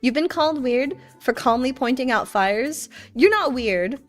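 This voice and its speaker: Young woman streamer, high voice, playful storyteller, faint music bed. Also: lively intonation, measured pace. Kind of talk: casual chat with viewers.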